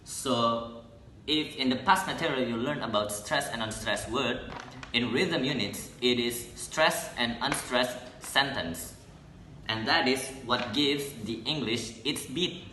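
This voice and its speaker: A young man, a student presenting an English lesson in a halting way, correcting himself as he goes. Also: mid-range voice, sharp tone, slight background noise. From Indonesia. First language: Indonesian. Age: young adult. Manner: halting, with restarts and self-corrections. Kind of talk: classroom explanation. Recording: echoey room.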